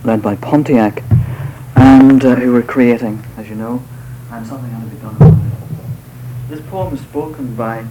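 A man giving a live poetry reading to an audience, delivering verse in a measured, unhurried way with hesitant spoken asides between poems. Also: mid-range voice, background noise. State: voice slightly off tonight.

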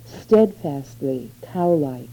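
A woman narrating a literary short story in a measured, unhurried reading. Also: sits low, expressive, dark tone, rough recording.

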